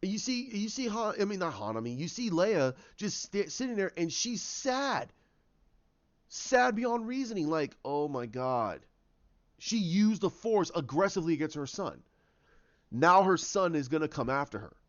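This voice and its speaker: A man retelling a story idea in casual talk, animated and full of restarts and sound effects as he acts out the scenes. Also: sits high, normal speed, muffled recording. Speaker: channel host.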